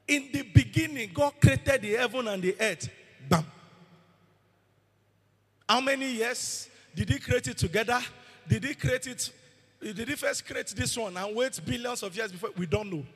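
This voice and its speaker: A man's voice: high voice, slightly rough. A man preaching a sermon as pastor, emphatic and asking the congregation questions. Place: church hall. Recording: long hall reverb.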